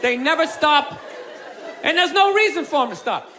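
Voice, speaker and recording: Brief: male stand-up comic, very high strained voice, big lively swings, exasperated shouting rant, loud club crowd and noise behind. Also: normal speed. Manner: loud, exasperated ranting, often shouting with crude swearing. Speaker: stand-up comedian. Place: live comedy club stage.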